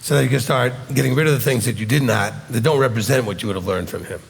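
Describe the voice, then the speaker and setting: A man's voice: mid-range voice, fast, creaky. A man teaching in a question-and-answer session. He explains patiently and often checks in with "okay?". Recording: long hall reverb.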